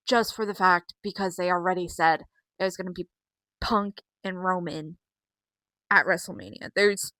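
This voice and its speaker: Young woman, casual vlogger, bright crisp voice, dry close mic, chatty, swears freely, lots of fillers. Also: medium pitch, dry recording. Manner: chatty and profane, with frequent fillers. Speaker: wrestling vlogger. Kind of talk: casual recap vlog.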